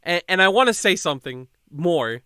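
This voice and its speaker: Bright, crisp young man telling a rambling story. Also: high-pitched, moderate pace, no echo, clean studio sound. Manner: rambling, animated, acts out quoted people. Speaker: podcast host. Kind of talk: casual storytelling chat.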